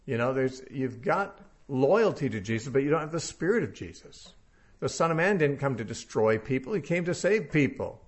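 A man's voice: medium pitch, sing-song, normal speed. A man teaching through a Bible passage verse by verse, talking casually and thinking aloud with frequent fillers.

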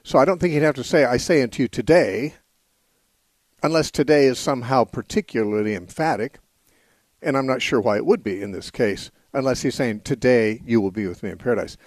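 A man hosting a call-in radio show, explaining scripture in a measured, patient way with frequent "uh" pauses. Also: mid-range voice, no room sound. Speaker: radio call-in host and Bible teacher. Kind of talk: unscripted call-in radio teaching. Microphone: studio microphone.

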